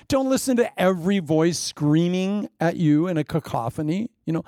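A man's voice: on the high side, big pitch swings, unhurried, mellow, no echo, clean studio sound. A middle-aged man preaching a sermon as pastor, conversational and joking, with laughing asides.

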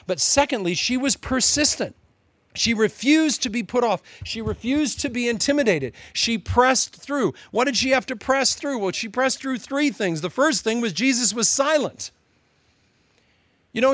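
A man with a high-pitched voice delivers a sermon, shifting from lively storytelling to playful joking and calling the audience "loved one." The recording has no echo.

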